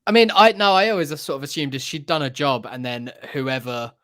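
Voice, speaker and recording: A man in casual podcast chat, mid-pitched and animated. He laughs often as he talks. His voice is dry, with no room sound. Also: fairly quick, no room sound. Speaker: podcast panelist.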